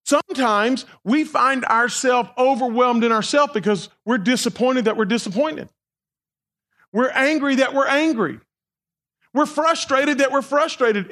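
A man's voice: very high voice, a bit bright. A man preaching a sermon as pastor, talking to the congregation in a conversational way, repeating words and asking them questions.

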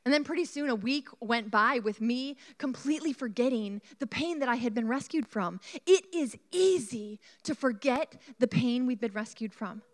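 A woman preaching a sermon, telling a personal story in an animated way and asking the congregation questions. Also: a little high, moderate pace, few pauses.

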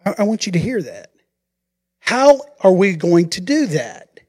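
A pastor preaching a sermon, telling the story in an animated way and acting out the quotes. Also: male voice, high-pitched, measured pace, slightly rough.

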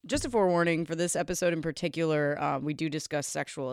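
A woman's voice: deep voice, fairly even intonation, quick pace, darkish tone, smooth. A woman co-hosting a podcast, talking in a giggly valley-girl way, full of "like". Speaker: podcast co-host. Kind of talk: casual chat.

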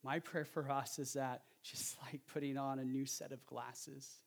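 A man preaching a sermon in a conversational, animated way, with joking asides to the congregation. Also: mid-range voice, unhurried, vocal fry. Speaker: pastor.

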